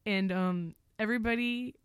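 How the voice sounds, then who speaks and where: A woman's voice: mid-range voice, normal speed, smooth, dry recording, clean studio sound. A woman in her thirties from Oklahoma, chatting as an interview guest and telling rambling stories full of fillers and restarts. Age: 30s. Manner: rambling, storytelling, frequent fillers. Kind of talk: casual conversational interview.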